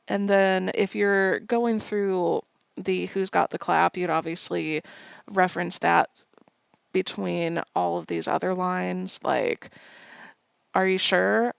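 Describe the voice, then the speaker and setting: Gravelly-voiced woman podcast co-host. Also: fairly low pitch, little pitch movement, takes it slowly, dry recording, studio quality. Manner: reads out a list of audience callback lines, playful. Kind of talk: casual podcast chat.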